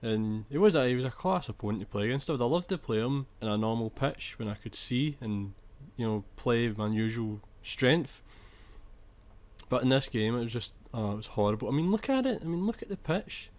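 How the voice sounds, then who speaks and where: A man's voice: medium pitch, expressive, a little fast, a little mellow. A young man commentating over his own football video game footage, chatty, restarting sentences and swearing when annoyed. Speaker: gaming commentator.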